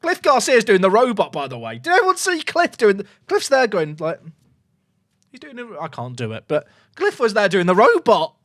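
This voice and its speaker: A young man commentating his football management game live to his chat. His voice sits high and leaps wildly between loud cheering and low muttered asides, and the recording is close and dry. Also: wildly swooping pitch, moderate pace, no room sound.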